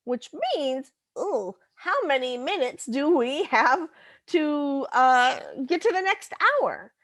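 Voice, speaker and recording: A woman's voice: high-pitched, lively intonation, slow, fairly bright tone, no echo, studio quality. A woman teacher talking through a recorded math lesson, patiently explaining step by step and correcting herself as she goes.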